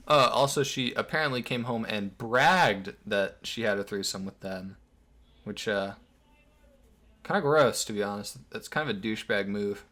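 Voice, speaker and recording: A man's voice: lowish voice, normal speed, pushed and bright. A man narrating an online commentary video in a sarcastic, crude way with lots of swearing.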